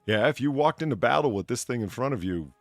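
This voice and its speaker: A man's voice: mid-range voice, expressive, quick pace, no room sound, faint music behind. A man hosting a casual podcast, reading news aloud with swearing and stumbling restarts. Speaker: podcast host.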